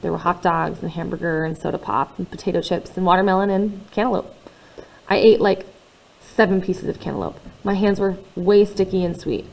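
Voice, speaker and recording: Female reader, first-person novel, expressive delivery that swings between hushed and loud. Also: on the low side, brisk, vocal fry, low-quality recording. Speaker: audiobook reader.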